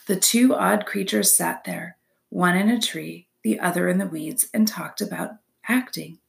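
A woman narrating a children's novel aloud in an expressive storybook reading. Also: on the low side, a little slow, gravelly.

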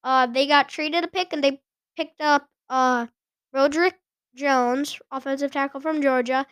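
Woman host, high voice, casual and giggly, often fumbles words, dry close sound. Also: steady tone, a little slow, fairly bright tone, no echo. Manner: chatty, giggly, stumbles over names. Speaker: podcast host. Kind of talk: casual sports chat.

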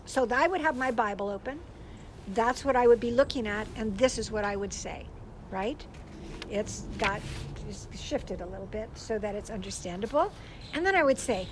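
An older woman and grandmother giving a casual teaching talk about praying with children, telling stories in an animated way and laughing often. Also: mid-range voice, normal speed, background noise. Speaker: Christian speaker.

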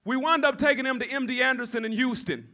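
A male pastor in full sermon mode, with a very high voice and a bright, forceful edge. He calls on the congregation to respond and climbs into shouts as he preaches. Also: fast talker.

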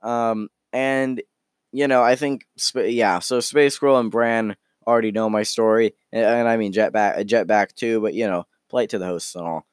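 A man voicing a gentle, lonely young man who talks haltingly and rambles. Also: on the low side, fairly even intonation, clean tone, dry recording, clean studio sound, lightly acted. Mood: earnest.

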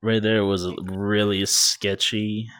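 A man's voice: on the low side, little pitch movement, slow, fairly bright tone, clean tone, no room sound, studio quality. A man co-hosting a podcast, talking in a laid-back way with casual slang. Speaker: podcast co-host. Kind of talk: casual chat.

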